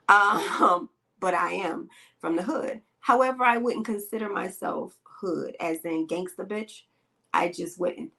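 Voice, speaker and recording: A woman's voice: mid-range voice, fairly bright tone. A woman hosts a podcast and speaks bluntly in slang, with a lot of emphasis. She has a mid-range voice and talks straight into a podcast microphone, mixing casual opinions with stories. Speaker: podcast host. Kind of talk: casual opinion talk and storytelling.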